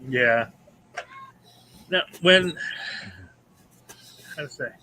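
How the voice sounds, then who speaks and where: Eager guy on a con panel, kinda high, super bright sharp voice, keeps restarting sentences. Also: extremely slow, a little hiss or hum, poor audio. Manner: eager, rambling, many restarts. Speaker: indie game designer. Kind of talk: casual convention panel chat.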